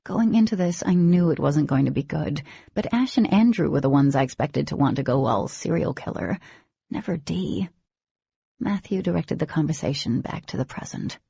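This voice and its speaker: A woman narrating a first-person novel as an audiobook in a steady, even reading. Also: sits low, moderate pace, vocal fry, husky, dry recording. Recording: dull lo-fi recording, dry.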